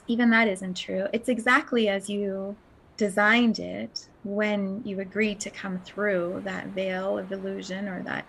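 A woman hosting a spiritual podcast, talking in a dreamy, breathy way with frequent laughs and soft whispered asides. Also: mid-range voice, a little hiss or hum, low-quality recording. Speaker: podcast host.

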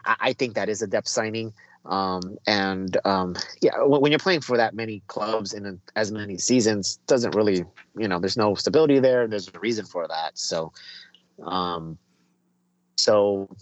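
Podcast co-host, male, rambling casual soccer chat, bright low-ish voice. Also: normal speed, no room sound, highs cut off. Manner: rambling, many ums and restarts.

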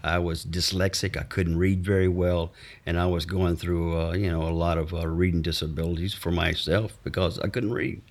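Husky low-voiced man. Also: flat delivery, moderate pace. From Mississippi, USA. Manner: rambling anecdotes full of "you know" and chuckles. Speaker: interviewee. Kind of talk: casual storytelling.

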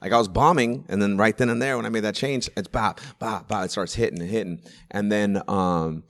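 A comedian in his forties in casual chat, telling rambling stories in quick bursts with restarts and swearing. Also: fairly low pitch, fairly bright tone. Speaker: stand-up comedian.

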